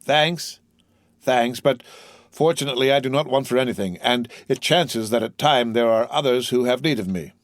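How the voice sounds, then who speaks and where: A man's voice: medium pitch, normal speed, dry recording, clean studio sound, lightly acted. A man voicing a greedy young male tailor with a broad Marseille accent, speaking in a hearty, fawning, insinuating way. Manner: grinning, overly hearty, insinuating.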